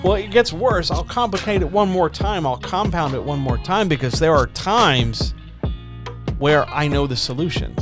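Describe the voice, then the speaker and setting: A man's voice: a little high, animated, normal speed. A man in his forties hosting a live stream, chatting in a conversational, self-deprecating way with lots of rhetorical questions. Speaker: streamer host. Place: small home studio. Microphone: studio microphone. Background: background music.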